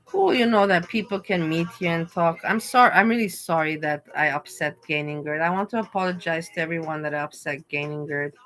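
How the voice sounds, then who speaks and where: A woman's voice: deep voice, brisk, hardly any pauses, fairly bright tone, faint music behind. A woman, hosting a casual livestream and talking to her viewers, pleading and reasoning with one of them. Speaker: livestream host.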